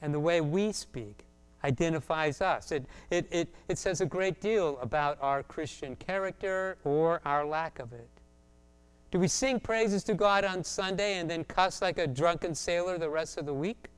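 A man from South Florida preaches a sermon. He tells funny stories and slips into the voices of the people in them. His voice sits a little high and comes through smooth and crisp. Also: moderate pace. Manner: humorous storytelling, acts out voices. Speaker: pastor.

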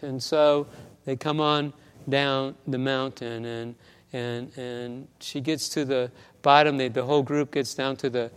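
A man's voice: mid-range voice, fairly even intonation, measured pace, clear, resonant tone, in a large hall. A man pastor preaching a sermon, telling a story with many stammers and restarts, in a church.

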